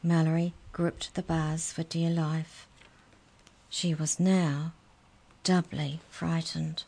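Nz woman reading a kids' story, slightly low voice, gentle and clear. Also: level tone, slow pace, slight background noise. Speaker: children's story reader. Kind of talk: reading a children's story aloud.

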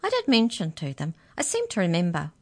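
A woman's voice: fairly low pitch, huge pitch swings, fairly quick, a little mellow. A woman voicing a small, cheerful female mouse who is really the tooth fairy, breezy and unbothered in a children's storybook reading.

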